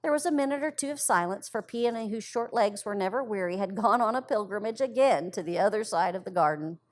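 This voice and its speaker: Woman storyteller reading aloud, gentle and expressive, middle pitch. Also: fairly quick. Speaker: library storyteller.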